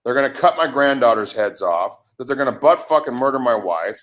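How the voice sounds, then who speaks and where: A man's voice: mid-range voice, lively intonation, brisk, a bit bright. An older man in a heated live webcast argument, ranting in an agitated, profane way. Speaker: livestream participant.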